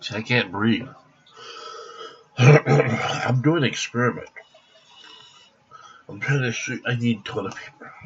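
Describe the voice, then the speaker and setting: A man's voice: mid-range voice, slow, long pauses, slight background noise. A man vlogging from home by his computer, rambling, repeating himself and swearing freely, in a dull lo-fi recording. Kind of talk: rambling casual vlog.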